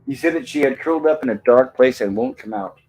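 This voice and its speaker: A man's voice: medium pitch, fast talker, creaky, darkish tone, slight background noise. A man hosting a live movie review stream, narrating scenes over the film and reading viewer comments aloud. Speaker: livestream host.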